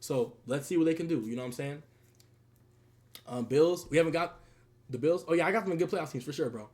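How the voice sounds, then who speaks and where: A man's voice: on the high side, fairly quick, darkish tone. A young man streaming casually, talking sports in heavy slang and laughing often. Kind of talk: casual livestream commentary.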